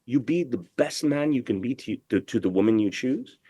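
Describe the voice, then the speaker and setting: A man's voice: mid-range voice, expressive, moderate pace, mellow, breathy edge, dry recording, lo-fi sound. A middle-aged man, a tailor, giving a brash, profane and emphatic interview, full of "bro" and "you know what I mean". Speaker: guest, tailor. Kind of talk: casual interview talk.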